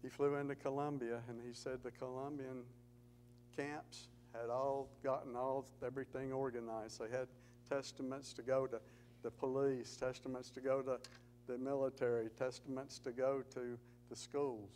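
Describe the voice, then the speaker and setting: A man's voice: mid-range voice, flat delivery, moderate pace, darkish tone, a little hiss or hum, poor audio. A man giving an earnest testimony talk in church, telling stories with rising emphasis. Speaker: Gideons speaker at church.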